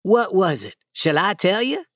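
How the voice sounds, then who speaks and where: A woman voicing an eager, boastful young schoolboy in a storybook reading, coaxing and lively. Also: mid-range voice, unhurried, no echo, studio quality.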